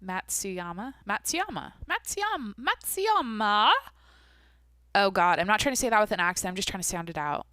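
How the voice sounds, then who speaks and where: A woman's voice: fairly low pitch, rapid-fire, few pauses, a bit bright, smooth, dry recording. A young adult woman hosting a casual solo podcast, rambling and swearing casually as she talks to herself. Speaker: podcast host.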